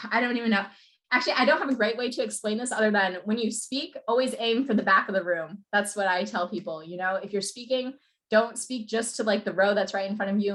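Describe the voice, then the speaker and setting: Young woman coach, talks super fast, lots of likes and you knows, casual talk. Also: medium pitch. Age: young adult. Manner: fast-talking, many "like" and "you know" fillers. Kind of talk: casual presentation on public speaking.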